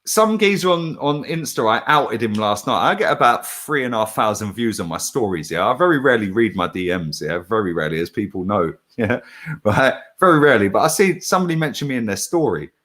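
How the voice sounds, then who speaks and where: A middle-aged man talking in a brash, animated way, swearing and using slang. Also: mid-range voice, fairly quick. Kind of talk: casual chat.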